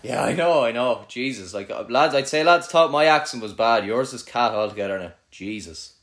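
A man's voice: mid-range voice, animated, moderate pace, fairly bright tone. A young man with an Irish accent from Kildare, hosting casual banter with a friend, teasing and swearing a lot, with many "like"s.

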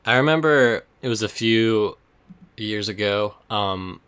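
Young male co-host, clear resonant tone, casual and meandering. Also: on the low side, takes it slowly, a bit bright. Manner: rambling, laid-back, frequent fillers. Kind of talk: casual chat.

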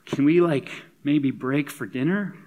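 A man's voice: on the high side, a little slow, darkish tone, close to an everyday voice. A man voicing a hungry male disciple, speaking casually and with mock politeness in a sermon retelling. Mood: pleading.

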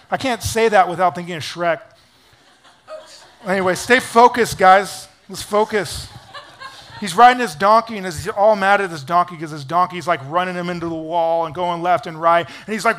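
A man pastor preaching a sermon in an energetic, casual storytelling way, full of "like". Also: high voice, a little fast.

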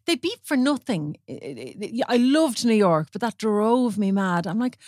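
A woman co-hosting a podcast in casual chat, animated, quick to laugh and exasperated. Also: on the high side, no echo, clean studio sound. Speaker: podcast co-host.

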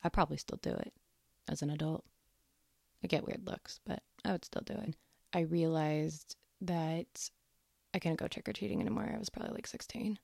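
A woman's voice: deep voice, moderate pace, vocal fry, a little mellow, dry recording. A young woman hosting a casual educational podcast, chatty and joking, on a close mic. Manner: chatty, joking, goes off on tangents. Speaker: podcast host.

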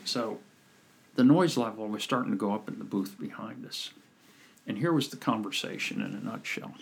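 A man's voice: fairly low pitch, moderate pace, vocal fry, slight background noise. A man on a podcast, a communication coach telling stories in a casual chat and acting out the people he quotes. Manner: animated storyteller, acts out quoted people.

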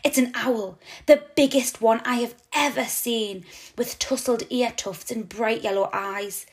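Teacher lady reading a kids book, really expressive storytelling. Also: a little high, a little slow. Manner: expressive, dramatic narration.

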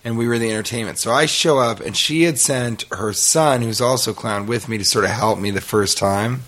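A man's voice: mid-range voice, fairly quick, a bit bright. A man co-hosting a podcast, telling a long story in a rambling, profane, self-mocking way. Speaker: podcast co-host. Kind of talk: casual storytelling chat.

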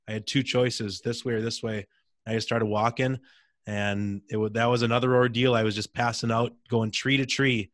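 A man's voice: mid-range voice, level tone, brisk, a bit bright, dry recording, studio quality. A man in his thirties, a former pro hockey player, telling his faith story in an intense, candid way in a casual interview.

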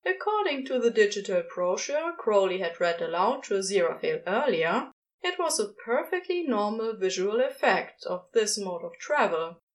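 A woman reading a fan story aloud in a gentle, expressive narration. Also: mid-range voice, normal speed. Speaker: podfic reader. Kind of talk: scripted narration.

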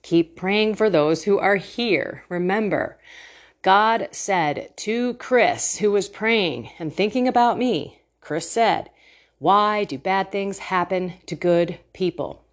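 A middle-aged woman talking into her phone at home, an earnest and emotional faith vlogger who chats warmly and laughs often. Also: medium pitch, takes it slowly. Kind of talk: casual devotional talk to camera. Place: at home, indoors.

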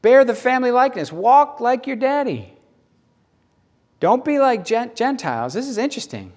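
A man with a Southern American accent preaching a sermon in an animated, playful, emphatic way. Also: extremely high pitch, brisk.

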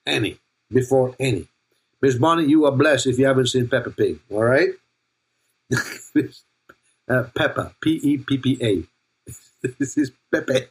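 Jokey older male preacher, husky voice. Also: medium pitch, a little slow, long pauses. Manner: playful, jokey preaching with laughs and call-outs to the congregation. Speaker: pastor. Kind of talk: sermon.

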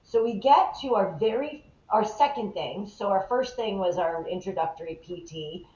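Animated woman telling a story, roomy sound. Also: mid-range voice, normal speed. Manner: animated, acts out the people in her stories. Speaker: guest. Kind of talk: storytelling in a podcast interview. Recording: roomy, slightly dull sound.

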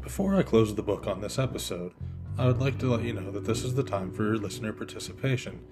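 A man hosting a podcast, reading a children's picture book aloud in an expressive way that slows down for effect. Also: fairly low pitch, loud music behind the voice. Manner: expressive, lively, slowing for effect.

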